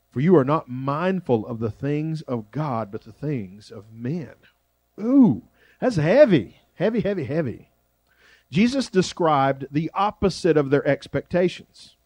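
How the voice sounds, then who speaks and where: A man preaching a sermon as pastor, shifting between loud emphasis and quiet, drawn-out phrases. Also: a little high, no echo.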